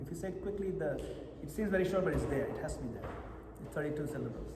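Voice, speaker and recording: Speaking fast with lively intonation and a fairly high pitch, a japa retreat teacher instructs a meditation workshop and regularly checks his listeners are following his coaching. The retreat hall recording is echoey with long reverb and background noise.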